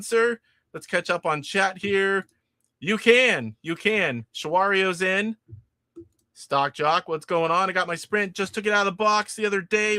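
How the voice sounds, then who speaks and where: A man from California with a high, bright voice hosts a live stream and talks through viewer messages in a loose, rambling way. The sound is close and dry. He restarts his sentences often and laughs easily. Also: dry recording. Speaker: livestream host. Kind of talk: casual chat reading viewer comments.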